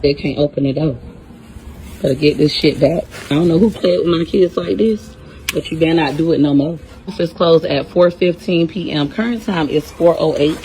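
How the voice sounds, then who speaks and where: A woman's voice: sits low, normal speed, dark tone, rough recording. A woman, a mother, ranting furiously and profanely in a vlog. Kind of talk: angry vlog rant.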